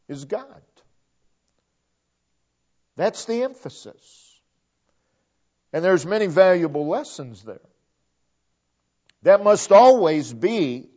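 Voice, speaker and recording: Slow, deliberate preacher man. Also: high-pitched, sing-song, darkish tone. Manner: slow, deliberate, repeats phrases for emphasis. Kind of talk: sermon. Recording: dull lo-fi recording.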